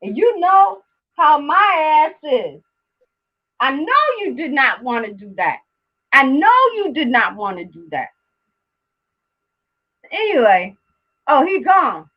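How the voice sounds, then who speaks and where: A woman's voice: high voice, very animated, slow, long pauses, highs cut off. A woman hosting her own live stream, talking casually to viewers and ranting heatedly at one of them, swearing a lot and repeating herself for emphasis.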